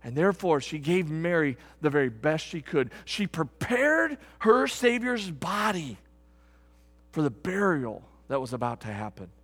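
Animated preacher in an echoey hall. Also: male voice, a little high, a little slow. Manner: dynamic, swings from loud bursts to hushed emphasis. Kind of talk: sermon. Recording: echoey hall with long reverb.

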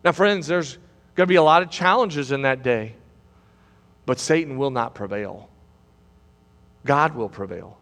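A man preaching a sermon from a pulpit. He swings between loud, high exclamations and low, quiet passages, and he repeats phrases. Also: normal speed. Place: church sanctuary. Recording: long hall reverb.

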